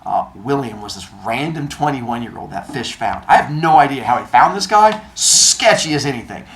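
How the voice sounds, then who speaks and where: A man telling a comedic personal story, animated and acting out the dialogue. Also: medium pitch, creaky, a little hiss or hum. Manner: animated, acts out dialogue with quick voice changes.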